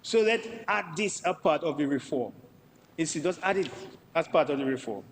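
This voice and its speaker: A man's voice: a little high, animated, moderate pace, in a large hall, slight background noise, rough recording. A Dominican man, a member of parliament, giving an emphatic debate speech in the chamber and repeating himself for stress.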